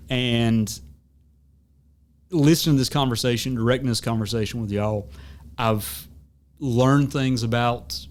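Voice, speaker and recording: A man with a Southern US accent hosting a podcast, talking in a rambling way with lots of fillers. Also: mid-range voice. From American South. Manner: discursive, many fillers and restarts. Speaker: podcast host. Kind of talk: casual conversation.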